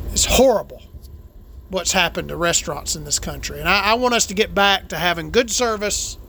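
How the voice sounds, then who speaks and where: A brassy, profane trans woman podcast host, played by a comedic performer, rants and rambles. The voice is bright and cutting. There is a faint hiss behind it. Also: medium pitch. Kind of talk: comedic character monologue.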